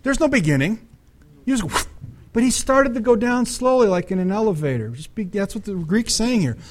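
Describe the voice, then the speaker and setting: A man with a notably high voice preaches to his congregation. He reads scripture passages aloud and breaks in with casual asides. He keeps asking his listeners whether they follow. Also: lively intonation, moderate pace. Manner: conversational preaching with frequent checks to the congregation. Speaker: pastor. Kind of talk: sermon.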